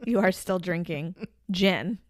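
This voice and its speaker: A young woman co-hosting a podcast in casual chat, talkative and quick to laugh, telling little stories with plenty of asides. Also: fairly low pitch, no echo, studio quality. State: pregnant. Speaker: podcast co-host.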